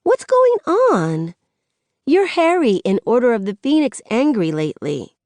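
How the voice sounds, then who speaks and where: A woman voicing an anxious teenage girl trying to keep the peace, in a high, pleading way. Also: sing-song, measured pace, a little mellow, dry recording. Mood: urgent. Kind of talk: audiobook narration.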